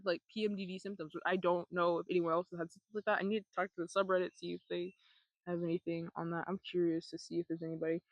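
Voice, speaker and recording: A woman's voice: medium pitch, a bit bright, no room sound. A young woman vlogging, telling her own life story in a candid, blunt way, with free swearing and sarcastic asides.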